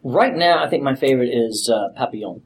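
A man's voice: medium pitch, animated, a little hiss or hum. A voice actor being interviewed, a man who talks in a playful, joking way and laughs easily. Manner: playful, jokey, quick to laugh. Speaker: voice actor guest. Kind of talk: casual interview chat. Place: convention.

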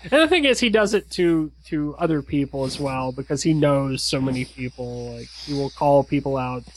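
A man's voice: mid-range voice, lively intonation, moderate pace, poor audio. A man in a casual podcast chat, talking hesitantly and correcting himself. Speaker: podcast co-host.

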